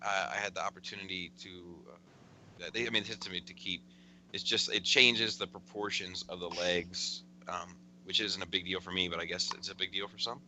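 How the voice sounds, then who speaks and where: Bright-voiced, rambling podcast guy. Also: low voice, steady tone, fairly quick, a little hiss or hum. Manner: rambling, profane, many fillers and restarts. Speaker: podcast co-host. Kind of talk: casual chat.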